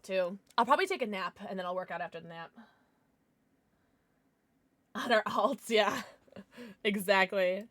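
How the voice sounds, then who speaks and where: A woman's voice: mid-range voice, fairly bright tone, dry recording. A young woman streaming a game, chatting frankly and bluntly with her viewers. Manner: blunt and irritable, swears. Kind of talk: casual livestream chat.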